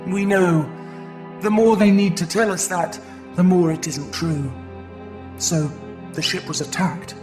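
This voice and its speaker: A woman voicing a weary, grieving alien mother in a hushed, low voice for an audiobook. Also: fairly even intonation, measured pace, pauses often, soft background music, lightly acted. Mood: grave. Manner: low, hushed, heavy delivery. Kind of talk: audiobook character voice.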